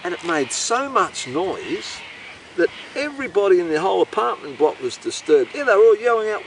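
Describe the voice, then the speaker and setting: A man telling a rambling comic story, animated and profane, breaking into bird impressions, recorded outdoors. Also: on the high side, quick pace. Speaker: comedic monologuist. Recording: voice distant from the mic with faint outdoor noise.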